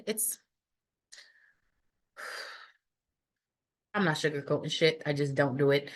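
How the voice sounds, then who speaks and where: A woman's voice: on the low side, fairly bright tone. Blunt, rambling woman tarot reader. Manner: blunt, profane and rambling, many fillers. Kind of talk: casual tarot reading to camera.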